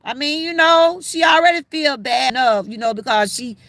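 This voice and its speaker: A woman's voice: sits high, level tone, normal speed, a bit bright, dry recording. An older woman with a Southern Georgia accent, hosting a casual livestream and talking straight to her viewers in a folksy way. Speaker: livestream host.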